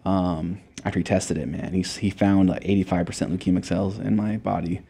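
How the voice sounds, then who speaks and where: A young man with a very low, gravelly voice and a dark, mellow tone. He is a guest telling his story in a casual interview. He talks in a laid-back way, swearing often and filling gaps with loose filler words. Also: fairly even intonation, brisk. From Montana, USA.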